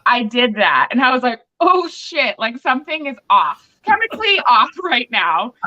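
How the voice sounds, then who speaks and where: A woman's voice: on the high side, very animated, moderate pace, sharp tone. A pregnant woman hosting a podcast, telling a candid story in casual chat and acting out both sides of a quarrel. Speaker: podcast host. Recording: muffled lo-fi recording.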